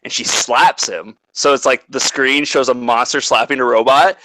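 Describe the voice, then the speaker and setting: A man's voice: mid-range voice, steady tone, moderate pace, sharp tone, no room sound, low-quality recording. A man co-hosting a casual chat, rambling through a plot recap with lots of swearing and filler "like"s. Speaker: podcast co-host.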